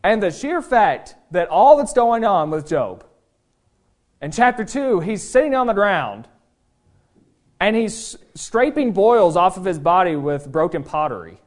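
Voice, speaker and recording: A man preaching a sermon, emphatic and animated, often acting out voices in his quotes. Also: high-pitched, measured pace. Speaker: pastor.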